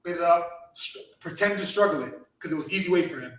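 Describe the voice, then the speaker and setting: Pretty high-voiced guy telling wild stories, cursing, laughing, roomy echo. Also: fast talker. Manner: animated, profane, laughs often, acts out quotes. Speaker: podcast host and former wrestler. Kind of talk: casual storytelling chat.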